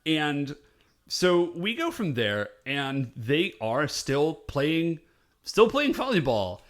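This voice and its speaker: A man co-hosting a podcast, chatting loosely through an episode recap. His voice sits a little high and swings widely in pitch. He rambles and drops quoted asides as he goes. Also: very animated, takes it slowly. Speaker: podcast co-host. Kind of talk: casual episode recap chat.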